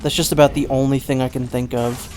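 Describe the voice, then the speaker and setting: A man's voice: medium pitch, level tone, fast talker, darkish tone, a little hiss or hum. A man giving rambling, chatty, self-mocking commentary while playing a game. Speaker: gameplay commentator. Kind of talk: casual let's-play commentary.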